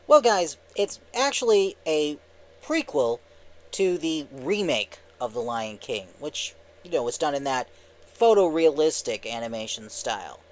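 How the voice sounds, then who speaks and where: A man hosting a movie review channel, narrating the review in an upbeat, lively, scripted way. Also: fairly high pitch, unhurried.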